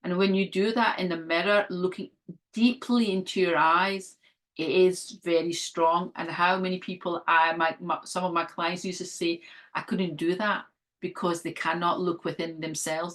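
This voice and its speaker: A woman speaking as an interview guest, a holistic health practitioner, talking in an earnest, gentle, encouraging way with frequent fillers. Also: on the low side, steady tone, normal speed. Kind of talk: conversational interview.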